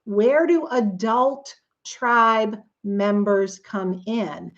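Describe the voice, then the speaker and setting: A woman's voice: medium pitch, drawn-out words, lo-fi sound. A woman coach giving a conversational, earnest teaching talk, now and then acting out quoted voices. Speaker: coach and author.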